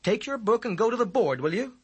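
A man with a husky voice playing a firm, patient woman teacher in a classroom. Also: high-pitched, big pitch swings, fairly quick, muffled recording, voice pushed up, exaggerated voice. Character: patient, firm female schoolteacher.

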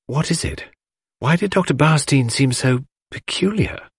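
A distraught young woman cries out in a high, pleading voice, as a male narrator puts her on. Her lines jump far above the narrator's usual pitch and come out louder. The recording is dry and close. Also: animated, normal speed, slightly rough, no echo, full character voice. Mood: anxious.

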